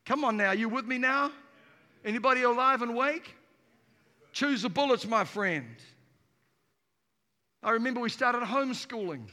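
A man preaching an energetic sermon to a congregation in a church auditorium, emphatic and playful. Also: very high voice, normal speed, long pauses. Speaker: pastor. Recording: reverberant hall.

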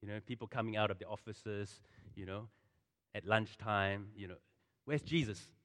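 A pastor giving a sermon in a conversational, animated way, full of asides and storytelling. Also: male voice, lowish voice, normal speed. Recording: long hall reverb.

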